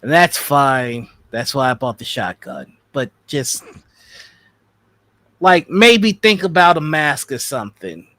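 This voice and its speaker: Guy running the game, stammery shop owner voice, bright, lively pitch, dry sound. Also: dry recording. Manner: halting, full of restarts, swings loud when upset. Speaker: game master. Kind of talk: tabletop role-play, voicing a shop owner.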